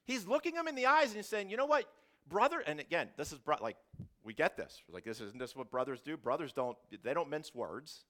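A male pastor preaching a sermon, swinging from loud emphasis to hushed asides, often restarting his phrases. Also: on the high side, brisk. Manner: animated, shifting from loud to hushed, frequent restarts.

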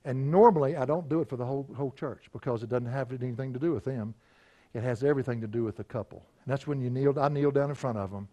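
Folksy middle-aged pastor telling stories. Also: male voice, medium pitch, quick pace, dark tone. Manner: folksy, conversational, chuckling anecdotes. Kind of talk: storytelling sermon.

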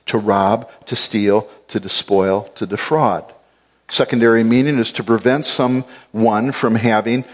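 Speaking in a mid-range voice, a man teaches expository Bible lessons, unpacking word meanings. He stresses key phrases by repeating them.

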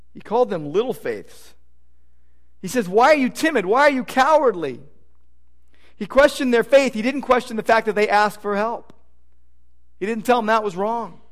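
A pastor delivers a sermon in a high-sitting male voice, emphatic and full of repeated phrases. He swings between loud declarations and hushed asides.

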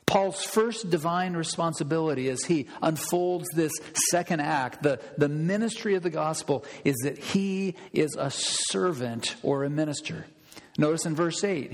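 A man's voice: a little high, in a large hall, poor audio. A man preaching a sermon as pastor, emphatic and repeating key phrases for stress.

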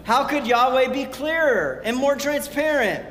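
A man gives a relaxed, chatty sermon, retelling old scripture in modern everyday language. His voice sits high for a man. He is recorded in an echoey church hall, and the reverb trails long behind his words. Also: a little slow. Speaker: pastor. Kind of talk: casual sermon.

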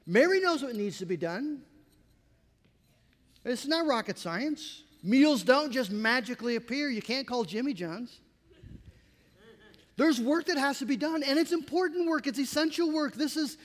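High-voiced man preaching in a reverberant hall. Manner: conversational and animated, with asides and laughs. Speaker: pastor. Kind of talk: sermon.

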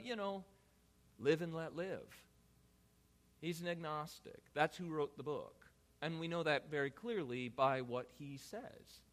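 A man delivering a sermon in a high, bright, forceful voice. He swings between ringing emphasis and hushed, dropped-off endings. He stacks his points in rhythmic repeated phrases. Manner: dynamic, swinging from loud emphasis to quiet, low asides; rhetorical, builds lists of repeated phrases. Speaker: pastor.

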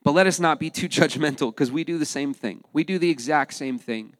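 Male pastor, high voice, lively sermon delivery, long hall reverb on a dry close mic. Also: fairly quick. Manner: animated, acts out voices, addresses the congregation.

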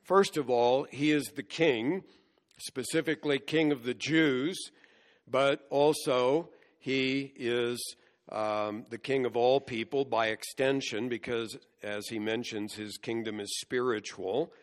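Male pastor, mid-pitched, unhurried, teaching sermon with long church reverb. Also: fairly even intonation. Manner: measured, explains scripture verse by verse. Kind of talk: expository sermon.

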